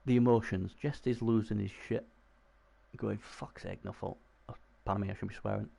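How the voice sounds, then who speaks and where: A low-pitched man gives live commentary on a video game stream, chatting to his viewers and getting excitable over the dice. His voice is gravelly and husky. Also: brisk. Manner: chatty, excitable, talks to chat.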